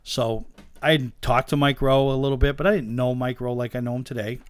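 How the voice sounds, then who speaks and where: A man, a guest telling lively stories about owning race cars in a casual chat, acting out the voices of the people in them. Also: mid-range voice, fairly quick, clean tone, no echo. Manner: animated anecdote teller, acts out quoted dialogue. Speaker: guest, race car owner. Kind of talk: casual storytelling in a podcast chat.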